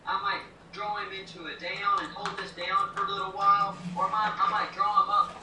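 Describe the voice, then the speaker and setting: A woman's voice: medium pitch, little pitch movement, brisk, pushed and bright, echoey room, recorded from a distance, a little hiss or hum, rough recording. A woman dog trainer explaining training methods step by step in a practical way, with plenty of fillers. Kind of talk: instructional talk. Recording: played on a TV, heard from across a room.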